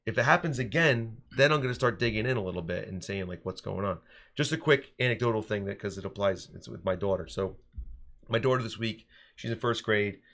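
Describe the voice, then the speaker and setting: Animated man telling classroom stories. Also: lowish voice, brisk, gravelly. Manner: animated storytelling, frequent restarts. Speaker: teacher and podcast co-host. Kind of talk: casual podcast discussion.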